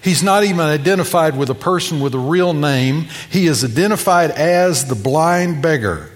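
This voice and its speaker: A man preaching a sermon, animated as he tells a story, acting out the people in it. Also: on the high side, normal speed, big-room sound. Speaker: pastor.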